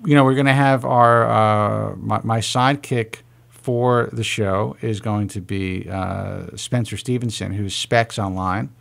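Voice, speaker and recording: A man's voice: lowish voice, fairly even intonation, measured pace, vocal fry. A man hosting a radio call-in show, rambling and joking with callers in casual chat.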